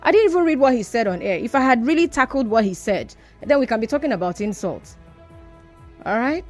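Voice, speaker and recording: A Nigerian woman hosting a radio phone-in, brisk and firm, arguing back at callers. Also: a little high, big pitch swings, no echo, soft background music. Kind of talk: call-in radio talk.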